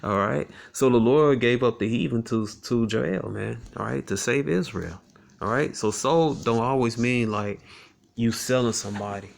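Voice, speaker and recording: A man teaching scripture in a relaxed, conversational way. He often ends phrases with "man" and "all right" and reads verses slowly, with frequent chuckles between lines. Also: medium pitch, vocal fry. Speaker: Bible teacher.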